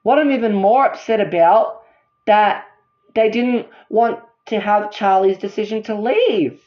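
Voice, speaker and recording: A woman ranting as a fan vlogger, worked up and repeating herself. She keeps apologizing for getting upset. Her voice sits at a middle pitch, and the recording sounds dull and lo-fi. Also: unhurried. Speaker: fan vlogger ranking songs.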